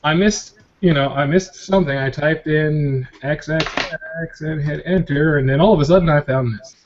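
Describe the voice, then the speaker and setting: A man's voice: a little high, moderate pace, highs cut off, slight background noise. A man hosting a casual group video chat, rambling and laughing, often repeating his words. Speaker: host of a motovlogger hangout.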